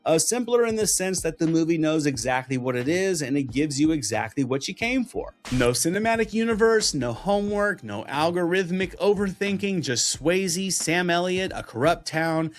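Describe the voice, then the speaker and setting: Middle-aged guy narrating his own video, laid-back and nostalgic, kinda higher voice. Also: moderate pace, hardly any pauses, soft background music. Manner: relaxed, reflective, affectionate. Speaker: host. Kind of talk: scripted narration.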